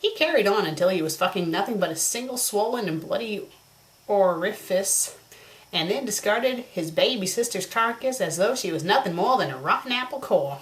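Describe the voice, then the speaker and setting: A woman hosting a fanfiction review show reads a story aloud in a put-on Southern US drawl, breaking off for mocking, exasperated asides. She sounds a little tipsy. Her mid-range voice is animated and moves at normal speed.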